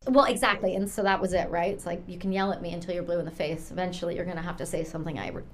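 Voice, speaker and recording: A woman's voice: fairly low pitch, fairly even intonation, very fast, slight background noise. A woman from Canada hosting a casual interview, chatty and rambling, with lots of fillers. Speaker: podcast host.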